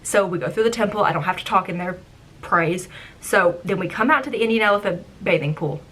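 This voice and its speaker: A young woman in her twenties casually telling stories from her old job as a theme park ride guide, chatty and animated, acting out how she reacted back then. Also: lowish voice, fairly quick, husky. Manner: animated, acts out her own past reactions; chatty, with frequent "like" and "um". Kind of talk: casual storytelling vlog.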